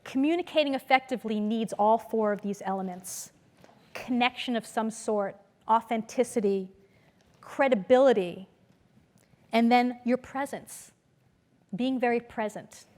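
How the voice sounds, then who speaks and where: A woman lecturer giving a conference talk to an audience, storytelling in a lively way and acting out the voices she quotes. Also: a little high, a little slow. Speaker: business school lecturer. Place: lecture hall.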